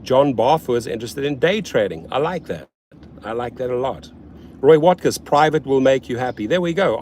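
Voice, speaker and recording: A man hosting a casual livestream as a rideshare driver, blunt and often profane, swinging between loud hype and low muttering. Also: a little hiss or hum.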